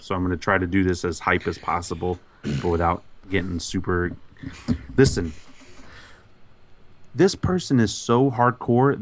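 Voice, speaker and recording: A man co-hosting a podcast, heaping playful, over-the-top praise on a supporter with mock bravado. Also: deep voice. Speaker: podcast co-host. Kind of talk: hyped shout-out to a patron.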